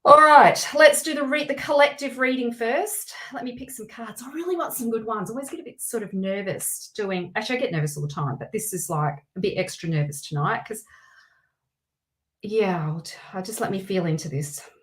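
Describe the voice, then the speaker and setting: A woman hosting a live tarot stream, talking in a chatty, excitable way with many restarts and asides. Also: medium pitch, brisk, rough recording. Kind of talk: casual live-stream chat.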